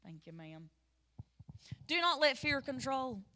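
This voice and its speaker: A middle-aged woman teaching Sunday school in a sermon style, telling stories in a lively way that swings between loud and soft. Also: high voice, slow pace, pauses often.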